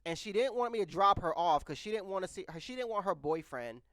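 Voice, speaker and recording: A man's voice: on the high side, a bit bright, clear, resonant tone, no echo. Candid young man telling a rambling story. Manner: candid, rambling, with frequent restarts. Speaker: vlogger. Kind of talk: casual storytelling. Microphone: microphone close by.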